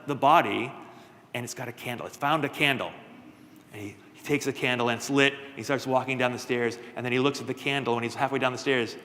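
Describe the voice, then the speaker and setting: A man telling a children's story at a worship service, playful and lively, with asides to his listeners. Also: medium pitch, fairly quick, slight background noise. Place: church sanctuary. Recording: long church reverb.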